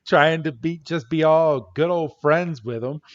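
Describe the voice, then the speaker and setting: A man's voice: a little high, measured pace. A man co-hosting a podcast, recapping a scene casually, chatty with frequent laughter and casual swearing. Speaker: podcast co-host. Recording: dull lo-fi podcast audio.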